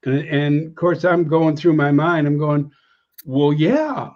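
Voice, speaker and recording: A man from the United States, older and a veteran, talks through his war memories as an interview guest in a level tone at normal speed. The casual storytelling meanders with fillers and restarts, and he lifts his voice and pitch when voicing past conversations. The recording is dull and lo-fi.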